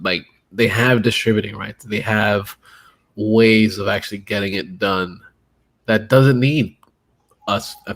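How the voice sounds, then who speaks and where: A man with a very low voice chats on a podcast, agreeable and easygoing. He speaks hesitantly, restarting his sentences as he works toward his point. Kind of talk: casual podcast chat.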